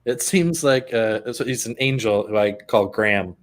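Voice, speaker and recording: A man's voice: lowish voice, lively intonation, moderate pace. A man co-hosting a casual chat, thoughtful and giggly, with plenty of fillers. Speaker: podcast co-host.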